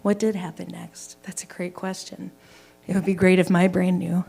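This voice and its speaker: A woman's voice: on the low side, level tone, normal speed, gravelly, mellow. A woman from Canada performing stand-up at an open mic in a small comedy venue. She tells her story casually and chattily, swears freely, and makes self-deprecating asides.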